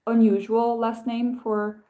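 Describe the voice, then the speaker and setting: A woman's voice: fairly high pitch, level tone, slow pace, warm tone. A woman from Sweden chatting on a livestream, rambling and musing with lots of "like" and "um". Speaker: livestream host. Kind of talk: casual livestream chat.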